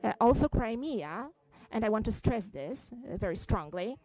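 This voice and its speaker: Woman, interpreter, press conference, halting, many fillers and restarts. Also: fairly high pitch, animated, darkish tone, low-quality recording.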